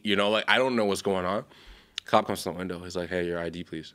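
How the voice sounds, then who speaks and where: A young man with a lowish voice tells a long story on a casual podcast. He rambles, circles back and corrects himself, and he laughs easily. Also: steady tone, fast talker, a bit bright, smooth. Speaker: podcast co-host.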